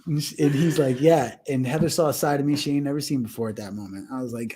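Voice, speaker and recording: A man's voice: mid-range voice, fast talker, few pauses, husky. A young man co-hosting a podcast, telling a personal story in casual chat and acting out the voices. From United States. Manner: animated, acts out voices in stories. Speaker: podcast co-host.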